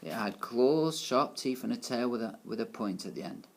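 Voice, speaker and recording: A man's voice: mid-range voice, expressive, moderate pace. A man reading a children's novel aloud in a plain storytelling manner, with small stumbles. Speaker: reader.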